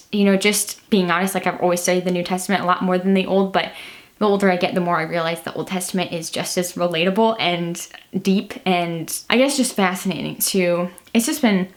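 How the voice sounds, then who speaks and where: A young woman with a Midwestern American accent, a teacher sharing Bible reflections in a chatty, rambling vlog talk. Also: lowish voice. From Illinois. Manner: chatty, rambling, many "like" fillers. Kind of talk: casual devotional vlog talk.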